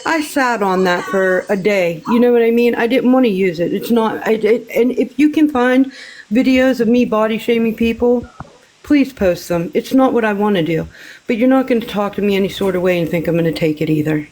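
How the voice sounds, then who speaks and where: A woman's voice: medium pitch, brisk, darkish tone, low-quality recording. A woman in heated casual chat on a group livestream, defensive and rambling, laughing between points. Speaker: livestream participant.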